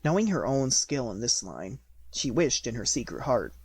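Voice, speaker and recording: A man's voice: mid-range voice, very animated, normal speed, a little mellow, husky. Man reading a storybook aloud. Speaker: audiobook reader. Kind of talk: storybook narration.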